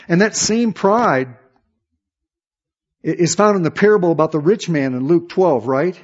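A male pastor delivering a sermon, his voice pitched a little high and slightly husky. He moves between quiet, confiding stretches and emphatic, rising appeals, full of rhetorical questions. The recording is somewhat dull and lo-fi. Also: moderate pace, long pauses.

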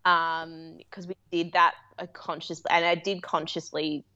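A woman's voice: sits low, flat delivery, unhurried, bright, forceful tone, muffled recording. A woman who works as a midwife, a guest in a remote interview, telling a personal story in a candid, rambling way with frequent laughs. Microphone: remote call.

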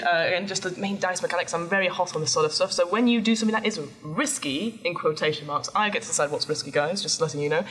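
A woman's voice: lowish voice, fairly bright tone. A woman running a live tabletop role-playing game before an audience, chatty and explaining the rules as she goes. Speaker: game master.

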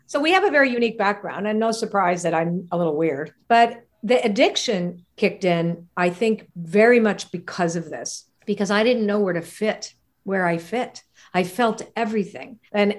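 Woman from Canada, interview guest, animated storyteller, laughs a lot, acts out quoted voices. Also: medium pitch. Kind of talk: personal storytelling in conversation.

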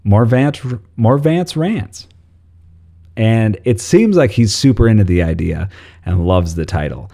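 A man's voice: low-pitched, animated, moderate pace, vocal fry, mellow. A man hosting a podcast, introducing a new segment in a casual, rambling way with many fillers. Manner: rambling, full of fillers and restarts. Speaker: podcast host.

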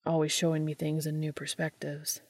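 Woman voicing a male writer, warm, whispery, low, gravelly, dry close sound. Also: moderate pace, no room sound. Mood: tender. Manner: quiet, breathy whispers.

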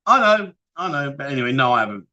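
A man's voice: mid-range voice, sing-song, fast talker, sharp tone, lo-fi sound. A man hosting a casual livestream, reading out viewer comments and bantering with a laugh. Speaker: livestream host.

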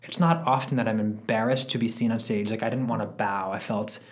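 A man co-hosting a casual comedy podcast at home, telling animated stories about theater work and laughing often. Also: fairly low pitch, brisk. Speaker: podcast co-host.

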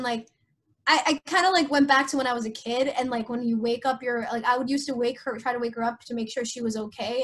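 High-voiced young woman, casual storytelling. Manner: frequent filler "like", trailing restarts; voice drops low and soft in sad moments. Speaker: guest sharing a personal story.

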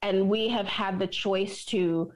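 Animated woman telling stories. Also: medium pitch, takes it slowly, slight background noise. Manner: animated storyteller, laughs often. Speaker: purpose coach and minister. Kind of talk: podcast interview conversation.

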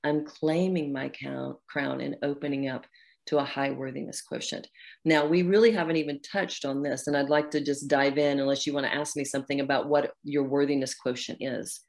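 In a reflective interview, a middle-aged guest author talks sincerely about healing herself, voicing her inner dialogue aloud. She has a very deep, creaky, somewhat dark voice with fairly even intonation and a moderate pace.

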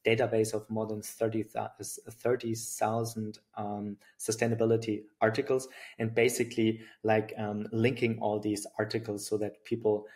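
Gravelly German-accented man. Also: lowish voice, flat delivery, moderate pace, a little mellow. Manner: thoughtful, many fillers and restarts. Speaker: guest. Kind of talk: reflective interview talk.

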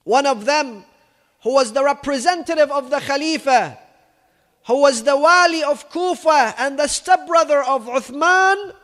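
A man with a very high voice tells a religious story in an emphatic sermon style, slipping Arabic phrases into his English. His voice carries a long reverb, as if he is speaking in a large hall. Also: unhurried, fairly bright tone. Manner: emphatic storyteller, acting out quoted speech, rich in Arabic phrases.

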